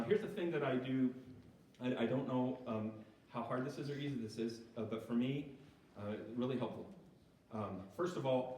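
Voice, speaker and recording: A man with a high, animated voice delivers a casual sermon, pitch jumping around as he keeps checking in with the room. He is heard from some distance in a very echoey church hall. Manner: conversational, often checking in with the audience. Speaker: speaker at a church recovery group. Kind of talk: informal sermon talk.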